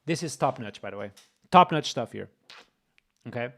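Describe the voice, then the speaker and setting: A man hosting a live coding stream, excitable and exclaiming as he talks to his chat. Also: mid-range voice, moderate pace, gravelly. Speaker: streamer, host.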